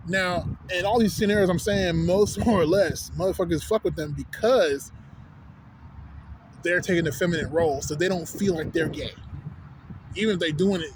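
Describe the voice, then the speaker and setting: Outdoors on a city street, a man with a Texan accent and a slightly high voice rambles through a casual rant as a vlogger. He swears freely and repeatedly asks "you know what I'm saying" while background noise is audible.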